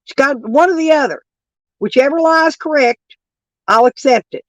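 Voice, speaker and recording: A woman's voice: high voice, moderate pace, dry recording, dull audio. A brash, profane woman hosting a livestream, arguing with her chat while her voice is worn down by allergies. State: voice lowered and rough from allergies. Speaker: livestream host reading chat. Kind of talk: casual livestream rant.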